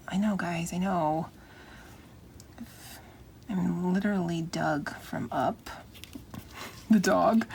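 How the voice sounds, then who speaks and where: A middle-aged woman chatting softly and often half-whispering as she decorates her planner, with a Valley Girl lilt. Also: low-pitched, measured pace, gravelly, pauses often, noisy background. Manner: soft, often half-whispered, self-deprecating. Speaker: planner vlogger. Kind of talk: casual crafting chat.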